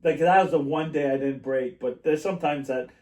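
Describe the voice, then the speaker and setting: A man's voice: fairly high pitch, a little fast, darkish tone. A man hosting a podcast, telling rambling stories in casual chat and laughing often. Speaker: podcast host. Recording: echoey room, mic at a distance.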